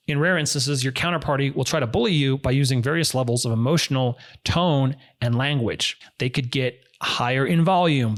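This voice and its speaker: A man coaching viewers on negotiation in a direct, emphatic instructional talk, often repeating key phrases. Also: medium pitch.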